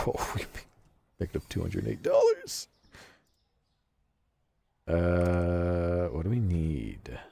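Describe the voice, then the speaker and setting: A man's voice: low voice, big pitch swings, extremely slow, creaky, long pauses, mellow, no room sound. A man streaming a game and casually chatting with his viewers, swearing freely and laughing often. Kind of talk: casual game livestream chat, reading chat aloud.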